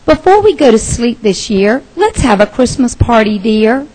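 A woman's voice: fairly high pitch, sing-song, moderate pace, warm tone, in a large hall. A woman voicing a drowsy, practical mother bear in a Christmas picture book, mild and sleepy.

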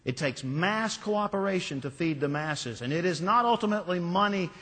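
A man's voice: high-pitched, animated, normal speed, fairly bright tone. Male preacher in a reverberant church. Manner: storytelling, with emphatic rising repetitions. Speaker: pastor. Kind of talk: sermon. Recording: long reverb of a large hall.

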